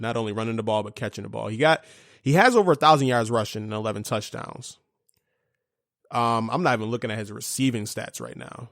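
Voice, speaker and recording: Gravelly-voiced man ranting about sports. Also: medium pitch, dry recording, studio quality. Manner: fired-up, profane ranting with frequent fillers. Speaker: podcast host. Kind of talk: casual sports talk.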